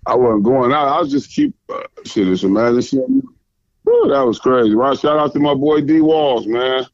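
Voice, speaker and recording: A man's voice: mid-range voice, very animated, normal speed, dry recording. A man, the host's father, chatting casually as a podcast guest, talking in laid-back street slang and laughing often. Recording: dull, lo-fi sound.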